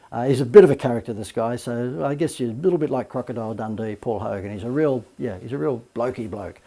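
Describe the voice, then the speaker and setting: A man teaches a marketing course in a mellow, warm voice at an ordinary pitch. He tells his stories with energy and leans hard on punchy asides. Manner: lively anecdotal storytelling with emphatic asides. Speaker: marketing coach. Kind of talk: recorded course lecture.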